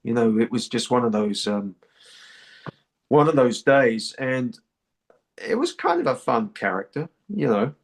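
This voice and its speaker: A man's voice: medium pitch, sing-song, a little slow, long pauses. A man from New Zealand, an actor being interviewed, talks casually and often repeats words and restarts his sentences. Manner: repeats words and restarts, many "you know".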